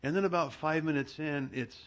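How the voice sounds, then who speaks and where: A man's voice: on the high side, brisk. A man from Southern California, a pastor preaching a sermon in a conversational, self-mocking storytelling way. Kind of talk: sermon with humorous personal anecdotes.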